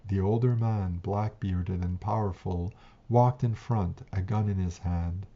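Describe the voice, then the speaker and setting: A man reading a translated old tale aloud, slow and measured. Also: low voice, fairly even intonation. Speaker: narrator. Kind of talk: storybook reading. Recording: dull lo-fi recording.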